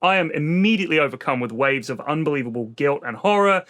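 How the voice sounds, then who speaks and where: A man's voice: a little high, fast. A British man, a parent, telling a long exasperated story on a comedy podcast. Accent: British English. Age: adult parent. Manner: animated, exasperated storytelling with swearing. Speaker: podcast co-host.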